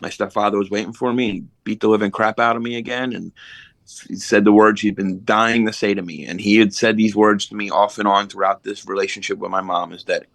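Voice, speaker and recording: A man spins long, streetwise stories from his past, swearing as easily as he breathes. His voice sits very low, and the recording is dry and close, with no room around it. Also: steady tone, brisk, gravelly, a bit bright, no room sound. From Philadelphia. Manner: rambling, streetwise, swears casually. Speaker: podcast guest. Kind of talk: casual storytelling.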